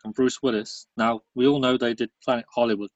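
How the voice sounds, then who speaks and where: A man co-hosting a comedy podcast, telling jokes in a deadpan way. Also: mid-range voice, fairly quick, no echo, lo-fi sound. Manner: deadpan comic delivery. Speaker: podcast co-host. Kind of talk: jokey banter.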